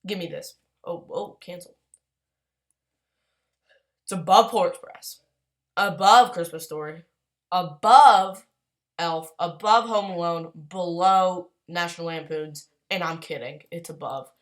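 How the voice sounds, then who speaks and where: A woman chatting casually as a YouTuber, gushing and excitable, rambling along with quick apologies. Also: on the low side. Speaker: YouTuber ranking movies. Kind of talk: casual tier-list chat.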